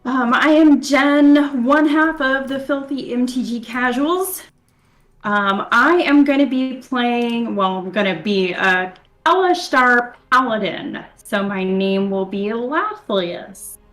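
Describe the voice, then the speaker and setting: High-voiced woman, slow and hesitant, lots of ums, player intro. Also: fairly bright tone. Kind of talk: casual chat.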